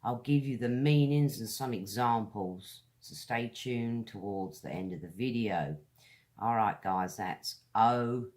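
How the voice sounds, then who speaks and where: A British woman leads a pronunciation lesson at an unhurried pace. She draws each word out slowly and clearly. She speaks straight to her viewers in a friendly, direct way. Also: rumbling low, darkish tone. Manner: slow, deliberate, drawn-out words. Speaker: English teacher.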